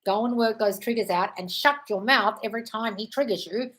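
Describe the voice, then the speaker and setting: A woman's voice: fairly high pitch, fairly bright tone, low-quality recording. Woman, live Q&A host, blunt, sweary, reading viewer questions, at home. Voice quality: blunt, sweary, fast-moving. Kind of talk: casual live Q&A. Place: home, dog nearby.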